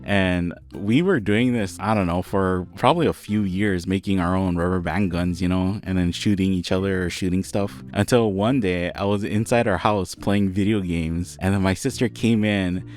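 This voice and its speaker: Low-pitched guy cohosting a podcast, chatty, laughs a lot while telling old family stories. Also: normal speed, hardly any pauses, a little mellow. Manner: laughs often, acts out family quotes. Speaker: podcast co-host. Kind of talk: casual chat, storytelling.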